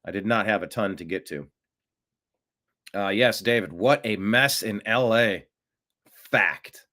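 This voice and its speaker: At a measured pace, an American man delivers off-the-cuff political commentary on his solo show. The tone is sarcastic and animated, with his voice jumping higher for mocking remarks.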